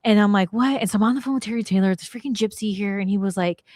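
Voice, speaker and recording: A middle-aged woman casually telling a story on her podcast, slangy and animated, acting out the people she quotes. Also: medium pitch, quick pace, no room sound, clean studio sound. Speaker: podcast host.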